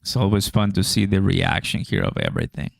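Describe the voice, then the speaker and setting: A man's voice: sits low, fairly even intonation, a little fast, gravelly, no echo, clean studio sound. A man hosting a crypto livestream, chatting casually to viewers in a slangy way and laughing often.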